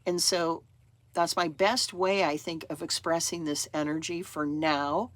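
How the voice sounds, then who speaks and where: A woman's voice: sits low, steady tone, unhurried, no echo. A woman astrologer talking casually to camera in a chatty, rambling way, acting out her own thoughts as she goes.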